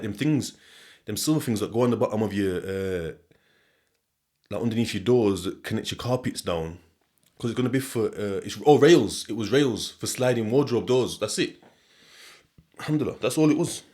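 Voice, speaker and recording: A man's voice: medium pitch, darkish tone. A young man with a Sheffield accent, hosting a casual monologue podcast, rambling and swearing freely as he laughs often. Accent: Sheffield English. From England. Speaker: podcast host.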